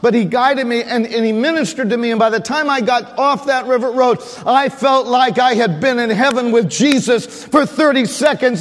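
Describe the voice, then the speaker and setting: High-voiced older pastor preaching fervently. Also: male voice, moderate pace, hardly any pauses. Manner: earnest, fervent preaching with audience call-outs. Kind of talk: sermon. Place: church sanctuary. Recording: reverberant church hall.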